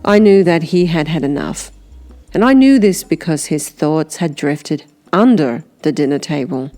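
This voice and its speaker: A woman narrating an audiobook in the first person, unhurried, sometimes dropping to a breathy whisper. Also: on the low side, warm tone.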